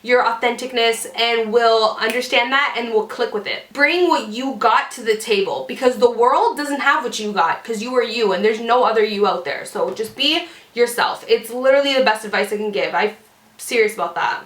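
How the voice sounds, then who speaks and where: A woman's voice: fairly high pitch, normal speed, a bit bright. Chatty woman vlogger, roomy sound. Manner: chatty, many "like" fillers. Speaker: beauty YouTuber. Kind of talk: casual Q&A vlog. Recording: roomy echoey room.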